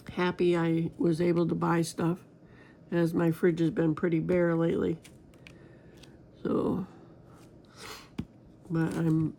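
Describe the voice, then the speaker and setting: A woman's voice: lowish voice, dark tone, a little hiss or hum. A woman crafting vlogger chatting casually and rambling to her viewers while she works on a diamond painting.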